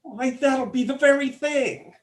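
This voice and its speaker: A man's voice: very high voice, measured pace. A man playing a fussy, pompous father of the bride on stage. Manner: pompous, fussing. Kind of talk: stage comic opera acting.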